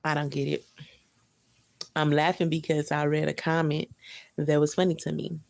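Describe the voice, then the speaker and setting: A woman's voice: deep voice, little pitch movement, normal speed, gravelly, dry recording. A woman hosting a casual livestream, chatting loosely with viewers in slangy talk, reading their comments aloud and chuckling often.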